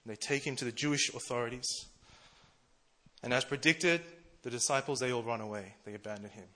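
Talking a little fast, a male preacher and church treasurer gives a relaxed, conversational sermon. His bright, forward voice sits mid-range for a man, and he chats as friends do, poking fun at himself.

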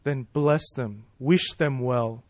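A man with a medium-pitched voice preaches at a slow pace, with no room sound. His sermon is casual and conversational, built on rhetorical questions and check-ins like "right?" and "you know".

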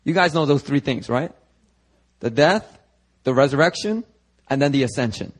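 A man preaching a sermon at a church service, lively and conversational, acting out the voices of biblical figures as he goes. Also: mid-range voice, normal speed, poor audio. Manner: animated, acts out voices of biblical figures, talks to the congregation. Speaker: pastor.

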